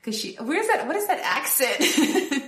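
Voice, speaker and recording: A woman co-hosting a podcast, recapping a film in casual chat, quoting characters in quick voices and laughing often. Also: high voice, big pitch swings, fairly bright tone, echoey room. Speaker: podcast co-host.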